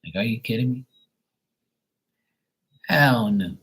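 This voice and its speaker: A man's voice: mid-range voice, animated, slow, a bit bright, slightly rough, poor audio. A man hosting a livestream, telling a rambling story in blunt, profane casual chat. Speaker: livestream host.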